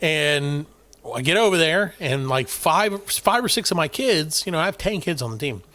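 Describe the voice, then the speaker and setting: A middle-aged man tells a story on a casual podcast, acting out every line of dialogue and swearing as he goes. His voice sits a little high for a man. The recording is dry and close, with almost no room sound. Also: moderate pace, no room sound. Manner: animated storyteller, acts out quoted dialogue, swears freely. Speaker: podcast co-host and youth basketball coach.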